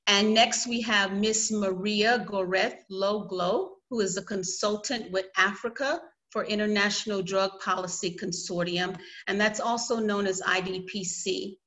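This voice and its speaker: A woman's voice: medium pitch, fairly even intonation, unhurried, few pauses, a bit bright, poor audio. A woman with a Southern US accent moderating an online conference session over a video call, giving friendly, orderly reminders. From United States.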